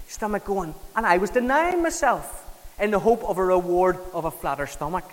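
A man preaching a sermon, conversational and emphatic, acting out quoted voices and dropping low for weight. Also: animated, normal speed, long reverb tail, slight background noise, low-quality recording. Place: church.

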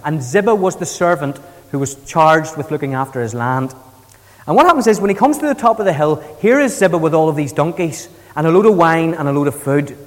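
A man's voice: fairly high pitch, expressive, fairly quick, in a large hall. A man preaching a sermon, retelling the scripture in a conversational, storytelling way. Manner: conversational storytelling, paraphrasing scripture in everyday speech. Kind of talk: expository sermon.

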